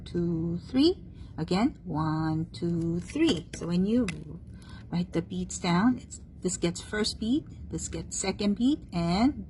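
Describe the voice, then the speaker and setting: Woman, music teacher, patient, slow and lively, faint noise behind. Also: lowish voice, low-quality recording. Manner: patient, checks understanding with "right?" and "okay?"; has the student repeat terms after her. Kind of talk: one-on-one music theory lesson.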